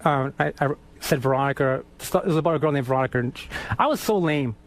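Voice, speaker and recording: A man in his thirties from Boston telling stories on a radio show, animated, swearing freely and laughing as he talks. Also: mid-range voice, fast talker. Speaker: guest musician. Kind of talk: casual storytelling on radio.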